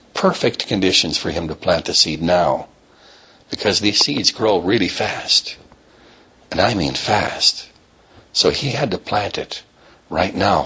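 A man telling a story in a slow, repetitive, drawn-out way. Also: low voice, a bit bright, breathy edge. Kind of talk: told bedtime-style story.

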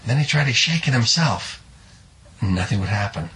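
A man telling a folksy story in a drawn-out, homespun way, adding spoken sound effects. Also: medium pitch, expressive, bright, forceful tone.

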